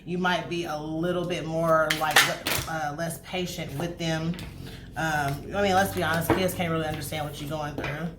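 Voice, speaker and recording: A woman giving a casual tarot reading to camera, chatty and animated, swearing freely and acting out spirit messages. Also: low voice, moderate pace. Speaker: tarot reader. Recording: echoey room, faint noise.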